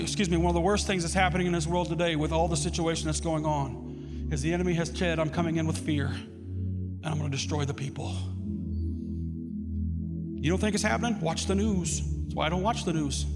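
A man preaching a sermon, telling a story with lively swings into shouting. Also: a little high. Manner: animated storytelling, bursts into shouts. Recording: long hall reverb with loud music.

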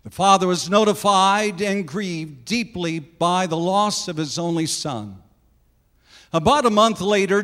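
A man preaching, telling an illustration story in a slow, earnest way. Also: sits high, fairly bright tone, big-room sound.

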